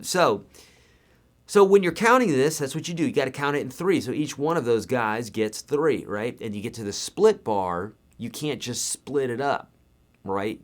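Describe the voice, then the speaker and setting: A man teaching a live guitar lesson in a casual, chatty way, his voice tired and worn, counting beats aloud. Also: on the low side.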